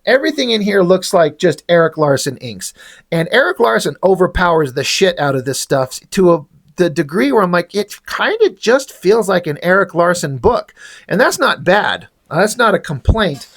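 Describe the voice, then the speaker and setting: A man with a notably high voice talks through a comic book on camera. He rambles casually, swears freely and trips over his own restarts. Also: sing-song, normal speed, a bit bright.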